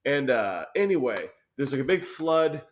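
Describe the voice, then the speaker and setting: A man's voice: mid-range voice, sing-song, normal speed, a little hiss or hum. A profane, rambling young man. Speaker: podcast co-host. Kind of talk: casual chat.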